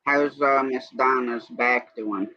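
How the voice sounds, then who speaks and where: A man's voice: mid-range voice, fairly even intonation, slow, pushed and bright. A man hosting a livestream, chatting casually and rambling from one everyday topic to the next. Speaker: livestream host. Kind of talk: casual evening chat. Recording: dull lo-fi stream audio.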